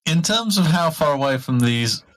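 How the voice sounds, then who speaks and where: A man's voice: fairly high pitch, lively intonation, moderate pace, fairly bright tone. A man taking part in a tabletop role-playing session as a player. He talks casually and plainly, asking the game master questions about the scene.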